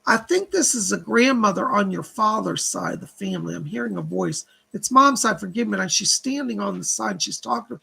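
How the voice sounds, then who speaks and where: A man's voice: sits high, lively intonation, brisk, creaky, few pauses, pushed and bright, slightly rough. A man hosting a live psychic reading stream, reading viewer donations and relaying spirit messages in long chains of "she said". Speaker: psychic medium host.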